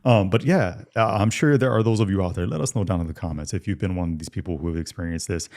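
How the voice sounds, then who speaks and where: A man's voice: low voice, fast, darkish tone. A man co-hosting a casual podcast, making his points emphatically with rhetorical questions and repeated words. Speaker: podcast co-host.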